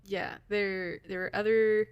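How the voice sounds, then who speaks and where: A woman's voice: mid-range voice, flat delivery, measured pace, clear, resonant tone, lo-fi sound. A woman co-hosting a podcast, chatting casually about a movie with many fillers and laughs. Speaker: podcast co-host.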